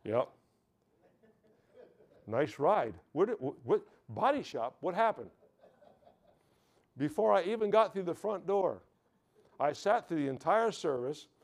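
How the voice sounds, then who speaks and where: American man, preacher, sermon testimony, halting, repeats words, calls for amens. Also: a little high, big pitch swings, creaky, darkish tone.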